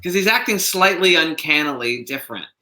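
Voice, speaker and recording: A man's voice: fairly high pitch, animated, fairly quick, bright, forceful tone. A man co-hosting a casual podcast discussion, thinking aloud with lots of fillers. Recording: roomy echo.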